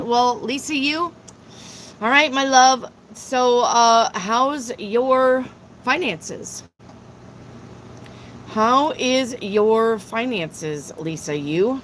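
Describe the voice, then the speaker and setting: Female live-stream tarot host, unhurried and talkative, reads out chat questions and answers them plainly. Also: on the high side, a bit bright, a little hiss or hum, rough recording. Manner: chatty, slow and drawling, repeats herself.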